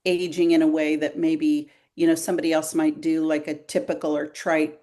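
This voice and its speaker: An older woman comedian chatting in an interview, telling animated stories full of fillers. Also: low voice, moderate pace. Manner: animated storyteller, many fillers. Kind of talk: casual interview chat.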